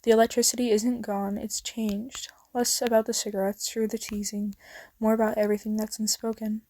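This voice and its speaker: A young woman narrating a second-person romance story in a soft, intimate voice that slips into whispers. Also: a little high, flat delivery, a little fast. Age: young adult. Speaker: fan fiction narrator.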